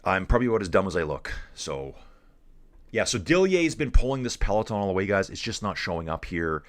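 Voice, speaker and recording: A man's voice: sits low, sing-song, brisk. A man from Canada hosting a casual live cycling stream, reading viewer comments aloud and chatting in a laid-back way, calling everyone dude.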